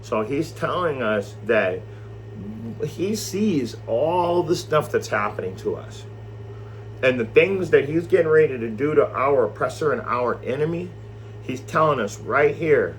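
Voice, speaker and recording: A man teaching scripture in a loose, animated way, rambling and swearing as he tells a story. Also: medium pitch, normal speed, a little hiss or hum. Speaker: Bible study teacher.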